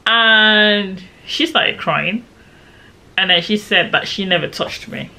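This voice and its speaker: Taking her time, a young woman with a mid-range voice tells a personal story on her casual vlog. The storytelling is animated and theatrical, punctuated by shouted lines she quotes.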